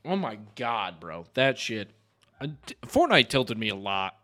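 A man co-hosting a podcast, swapping rowdy gaming stories with friends and shouting out the lines of angry teammates. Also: on the low side, very animated, measured pace. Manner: swears a lot, acts out yelling friends. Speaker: podcast co-host. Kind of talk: casual chat.

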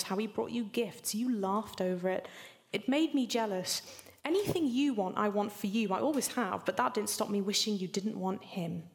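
Woman, author, soft measured reading aloud, mid pitch, long reverb hall. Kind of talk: reading aloud from her novel. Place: event hall with audience.

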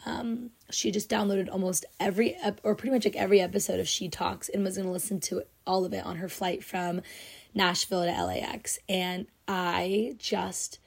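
A woman's voice: mid-range voice, fairly even intonation, normal speed, gravelly, breathy edge. A young woman hosting her own podcast, talking in a casual, gushing way, full of "like", and close to tears. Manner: gushing, heavy use of "like", emotional and teary. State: teary, on the verge of crying. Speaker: podcast host. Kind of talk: casual solo podcast chat.

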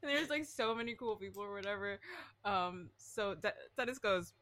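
A woman in her twenties co-hosting a podcast, telling a story in casual chat, animated and full of fillers, swearing freely. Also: medium pitch, moderate pace. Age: 20s. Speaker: podcast co-host.

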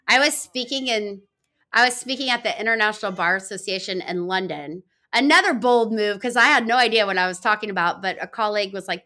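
A middle-aged woman talks casually as a podcast guest, her voice bright and forward. She rambles warmly through fillers and little quoted asides. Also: mid-range voice, normal speed. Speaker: podcast guest, law firm founder. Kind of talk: casual interview chat.

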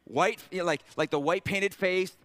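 A man preaching a sermon as pastor, animated and storytelling, with joking asides and questions to the congregation. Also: high-pitched, normal speed, no room sound.

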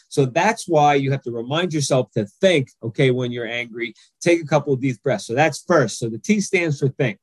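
A man's voice: a little high, breathy edge, no room sound. A man, an anger management coach, explaining his method step by step on a podcast and checking in with "okay?" again and again.

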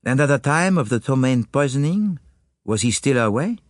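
A man voicing a fastidious, methodical detective who speaks precisely and formally in an audiobook. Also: mid-range voice, lively intonation, dry recording, clean studio sound, pitched above the performer's own voice, close to an everyday voice. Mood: probing.

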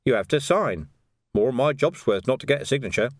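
Gruff stern watch sergeant, read by a man, curt, by the book. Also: medium pitch, expressive, fairly quick, no room sound, voice pushed up. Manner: curt, dry, by-the-rules.

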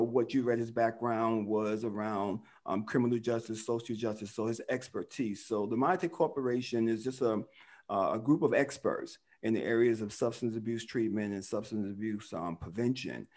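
A man's voice: medium pitch, normal speed, darkish tone. A man co-hosting a casual podcast chat, telling stories animatedly and peppering his speech with "man". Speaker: co-host.

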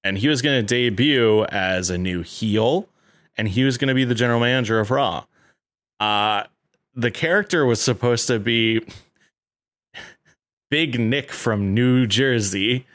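A man's voice: medium pitch, measured pace, long pauses, fairly bright tone, no echo, clean studio sound. A man hosting a casual podcast chat, rambling with lots of fillers and restarts and laughing often.

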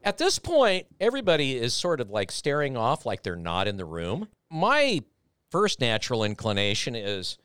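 A man spinning an anecdote with a lot of swing in his pitch, acting out each person he mentions. The sound is dry and close, with no room around it. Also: normal speed, clear, resonant tone, no room sound. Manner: animated, acts out voices, laughing through the story. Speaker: radio host and guest. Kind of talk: animated storytelling. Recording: played podcast clip.

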